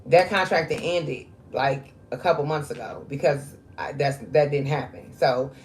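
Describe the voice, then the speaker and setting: Low-voiced woman in her 40s, chatty and candid, real loose with the um's. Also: normal speed, a little mellow, slight background noise. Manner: candid and conversational, with frequent fillers. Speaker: spiritual reader. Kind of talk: casual spiritual monologue.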